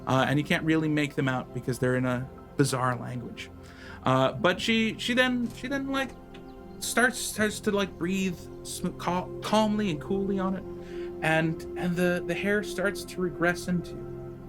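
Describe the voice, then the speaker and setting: A man narrating as game master, rambling with halting restarts. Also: high-pitched, fairly even intonation, fairly bright tone, soft background music.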